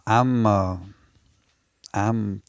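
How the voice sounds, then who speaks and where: Gravelly-voiced Southern man in his sixties. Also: fairly low pitch, fairly even intonation, extremely slow, dry recording, studio quality. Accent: Alabama Southern. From Alabama, USA. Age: 60s. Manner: rambling, repeats and restarts phrases. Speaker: guest, veteran turkey hunter. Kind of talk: casual storytelling in a podcast interview.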